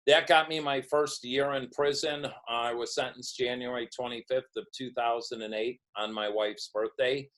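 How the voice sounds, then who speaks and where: A man's voice: mid-range voice, fairly even intonation, normal speed, few pauses, a bit bright, rough recording. Middle-aged guy telling his story on a podcast, acts out what folks said. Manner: storytelling, acts out quoted dialogue. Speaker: podcast guest. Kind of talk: recovery story told in an interview.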